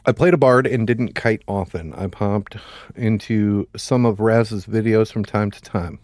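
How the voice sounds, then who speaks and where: A man's voice: fairly low pitch, measured pace, a little mellow, no echo, clean studio sound. Laughing, profane gamer man streaming. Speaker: livestream gamer. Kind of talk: casual live-stream chat.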